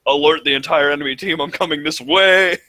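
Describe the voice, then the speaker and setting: A man's voice: fairly high pitch, normal speed, bright, forceful tone, no echo. A man chatting casually with a friend, laughing so hard that he gasps for breath. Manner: laughs helplessly, gasping for breath. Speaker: guest, gaming youtuber. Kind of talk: casual chat over voice call.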